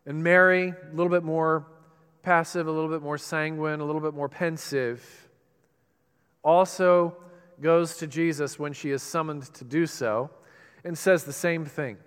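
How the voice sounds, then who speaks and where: A man preaching a sermon with dramatic pauses and rising emphasis. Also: on the high side, fairly even intonation, fairly bright tone, clear, resonant tone. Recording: reverberant hall.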